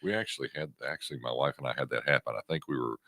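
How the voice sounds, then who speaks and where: A man, a radio host in casual chat, relaxed and making dry quips. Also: extremely low pitch, very fast, no echo.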